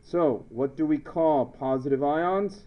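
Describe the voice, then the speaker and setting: A man's voice: fairly high pitch, takes it slowly, dull audio. A man teaching a chemistry class, playful, telling stories and repeating his questions. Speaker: high school chemistry teacher. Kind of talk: classroom lecture with jokes.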